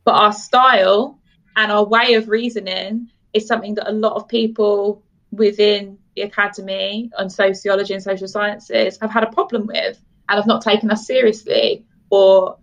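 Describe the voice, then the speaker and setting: Woman cohosting a podcast, thoughtful and earnest, even-pitched. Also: normal speed, rough recording. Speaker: podcast co-host. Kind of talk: conversational podcast interview.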